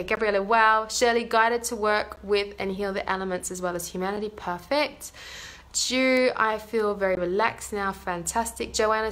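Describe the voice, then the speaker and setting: Soft-spoken woman leading a meditation. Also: medium pitch. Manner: soft, unhurried, repeats gentle affirmations. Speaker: energy healer leading a live meditation. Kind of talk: guided meditation, then reading viewer comments.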